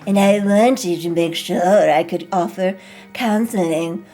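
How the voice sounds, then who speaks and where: Woman doing a creepy male pastor: slow, hushed, unsettling. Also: fairly low pitch, faint music behind.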